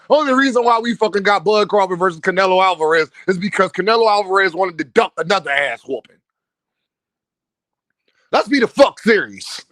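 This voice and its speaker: A man hosting a boxing livestream in casual, profane street talk, reading super chats and repeating words in rapid stammering bursts. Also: sits high, fairly bright tone, no echo. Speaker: livestream host.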